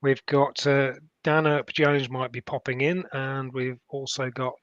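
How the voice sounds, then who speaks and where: A man hosting a casual video-call chat, halting and repeating his words, laughing often. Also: mid-range voice, flat delivery, fairly bright tone, no room sound. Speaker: host. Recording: dry muffled video call audio.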